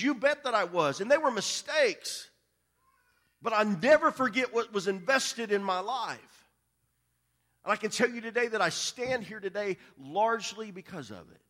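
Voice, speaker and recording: A man preaching a sermon as pastor, talking conversationally, often repeating his opening words and swinging from hushed asides to loud emphasis. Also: extremely high pitch. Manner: repeats words when starting sentences.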